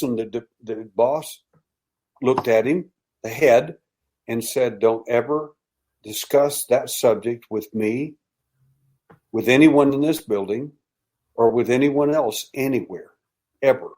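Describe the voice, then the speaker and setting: An American man guesting on a podcast, telling long stories with lively acted-out dialogue. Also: mid-range voice, takes it slowly, pauses often. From United States. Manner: animated storyteller acting out quoted dialogue. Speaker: podcast guest, alien abduction researcher. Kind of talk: storytelling in casual interview.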